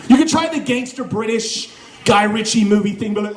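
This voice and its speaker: High-voiced stand-up comic, roomy club. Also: male voice, brisk, a little hiss or hum. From Oklahoma, USA. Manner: animated, swings into mock accents and silly voices. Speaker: stand-up comedian. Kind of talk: stand-up comedy set. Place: comedy club stage with live audience. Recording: echoey club room with crowd laughter. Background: audience laughing.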